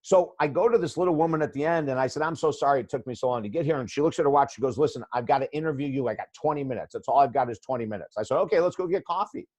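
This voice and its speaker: A man's voice: mid-range voice, racing, hardly any pauses, darkish tone. A man in his sixties, a guest life coach telling a story in a podcast interview, blunt and emphatic.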